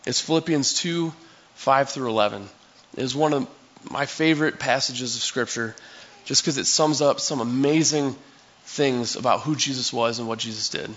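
A man's voice: medium pitch, moderate pace, a bit bright, dull audio. A male pastor giving a sermon in a conversational, storytelling way, acting out scenes for his listeners.

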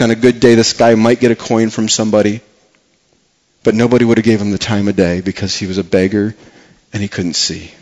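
A man preaching a sermon, impassioned, often repeating and restarting words, swinging between quiet and raised delivery. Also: lowish voice, low-quality recording. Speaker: pastor.

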